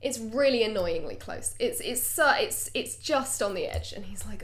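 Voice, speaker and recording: A woman co-hosting a comedy podcast, telling a long joke in an animated way and acting out the characters' lines. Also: medium pitch, moderate pace, few pauses. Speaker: podcast co-host. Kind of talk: comedic storytelling.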